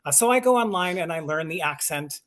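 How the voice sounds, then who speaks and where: A man's voice: fairly high pitch, lively intonation, fairly quick, fairly bright tone. Upbeat man talking about voice acting. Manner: enthusiastic, explains his craft with self-deprecating laughs. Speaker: voice actor and audiobook narrator. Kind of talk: casual chat on a live stream.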